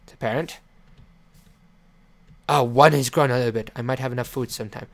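A man's voice: medium pitch, fairly even intonation, brisk, fairly bright tone. A man giving casual commentary on his survival game, rambling with fillers and melodramatic mock apologies. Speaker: gameplay commentator. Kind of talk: casual let's-play commentary. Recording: game music playing behind. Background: game background music.

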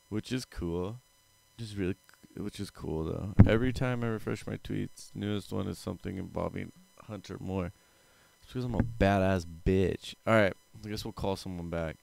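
A man's voice: fairly low pitch, gravelly, no room sound. A man hosting a livestream call-in show, talking crudely and insulting callers in a brash, rambling way. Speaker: livestream host taking callers. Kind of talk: crude profane call-in chat. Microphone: headphones on.

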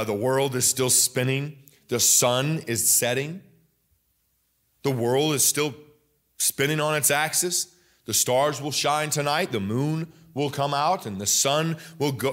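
A young adult man with an American Midwest accent preaching a sermon in a church, rising higher and louder at the climaxes. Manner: emphatic preaching, rising loud and high at climaxes. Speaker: pastor.

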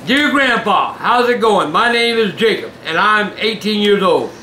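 Gruff older man reading fan mail. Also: high-pitched, animated, a little slow. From Southern US. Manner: gruff, shouts and curses in bursts. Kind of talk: casual chat, reading letters aloud. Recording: echoey room with faint noise.

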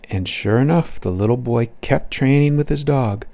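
A man gently making up a nap-time story for his young child in a soothing, repetitive way. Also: mid-range voice, normal speed, gravelly, few pauses. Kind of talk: improvised bedtime story.

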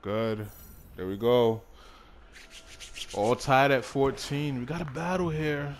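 Over slight background noise, a young man with a mid-range voice talks slowly through a football video game, swearing casually and reacting loudly and often to what happens. He's a gaming YouTuber doing live commentary over gameplay.

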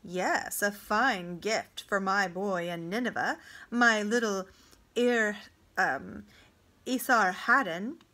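A woman's voice: mid-range voice, slow. A woman reading a cool, probing king. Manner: flat, toneless, quietly probing. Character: shrewd, indifferent middle-aged male king. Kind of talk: storybook reading.

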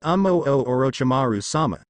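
A man's voice: mid-range voice, sing-song, a little fast, dry recording. A man reading the lines of a frightened, foul-mouthed young kunoichi woman in a fan fiction, stuttering. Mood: scared.

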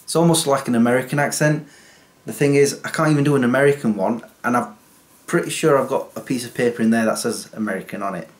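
A man's voice: mid-range voice, fast. Guy vlogging, chatty and self-mocking, medium voice. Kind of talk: casual comedy vlog.

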